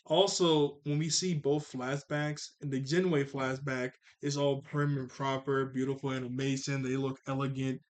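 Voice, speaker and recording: A man's voice: medium pitch, flat delivery, moderate pace, few pauses. A young man casually recapping a cartoon episode, rambling with lots of "like", restarts and chuckles at his own jokes.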